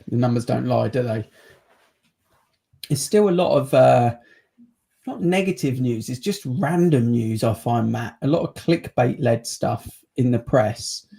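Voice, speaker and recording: A man's voice: medium pitch, gravelly, warm tone. A man hosting a casual property chat on a video call, chatty and teasing. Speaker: podcast host, estate agent.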